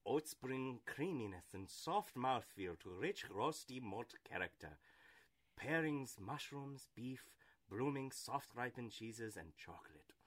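A man's voice: medium pitch, expressive, takes it slowly. A man hosting a podcast, chatting casually and playfully about science and beer. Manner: playful, tries a silly put-on voice while joking about beer. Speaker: podcast host.

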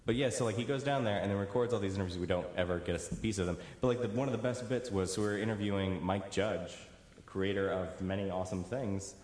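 A man's voice: lowish voice, quick pace. A man co-hosting a podcast, casually and profanely retelling stories and slipping into impressions of people. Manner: profane, animated retelling, slips into character voices. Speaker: podcast co-host. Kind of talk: casual chat, storytelling with impressions. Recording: echoey room with long reverb, faint noise.

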